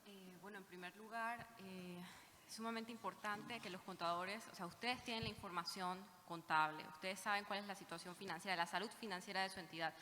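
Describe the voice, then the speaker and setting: A woman's voice: mid-range voice, fairly even intonation, fast, pushed and bright. A woman consultant answering a question on a conference panel, earnest and urging, with many fillers. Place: conference hall. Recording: reverberant hall with faint noise.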